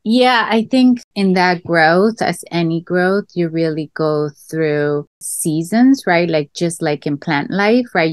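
A woman's voice: on the low side, smooth, no room sound. A woman artist answering interview questions in a reflective, heartfelt way, often with the filler "right?". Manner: reflective, talks through garden analogies, becomes tearful. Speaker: guest artist.

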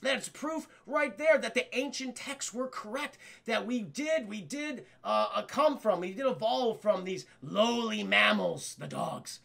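A man's voice: sits high, unhurried, vocal fry, hardly any pauses, fairly bright tone, heavily acted. A man voicing a pompous elderly male talking dachshund with posh, stuffy speech.

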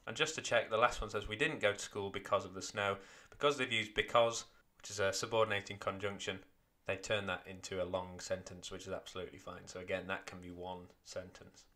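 A man, a teacher, walking through grammar test answers step by step in a clear explaining manner. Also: low voice, fairly even intonation, brisk, sharp tone. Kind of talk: exam walkthrough lesson.

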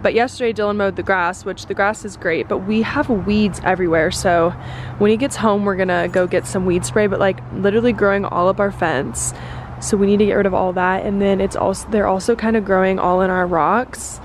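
A woman's voice: medium pitch, steady tone, a little fast, low-quality recording. A woman chatting casually to her phone camera while outdoors, peppering her talk with "like.". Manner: chatty, lots of "like" fillers. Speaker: vlogger. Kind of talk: casual vlog chat to camera. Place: outdoors, walking streets and yard. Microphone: phone camera held by hand. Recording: phone vlog with loud outdoor traffic noise.

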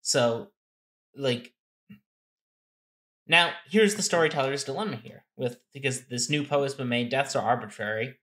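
A man's voice: medium pitch, a little slow, long pauses, a bit bright. A man co-hosting a casual game-strategy talk, explaining step by step and thinking aloud with restarts. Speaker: co-host.

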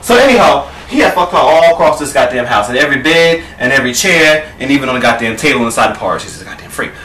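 Sassy, lively-voiced man storyteller. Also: mid-range voice, fast talker, slight background noise. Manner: sassy, camp, addresses listener as "girl". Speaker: comic storyteller. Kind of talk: profane comedic storytelling. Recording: echoey room, distant mic.

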